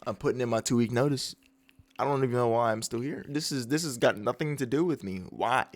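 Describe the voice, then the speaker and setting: A man's voice: big pitch swings, unhurried. A man voicing a weary male naval admiral who grumbles and complains about his job. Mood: fed up. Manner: complaining, low-energy grumbling.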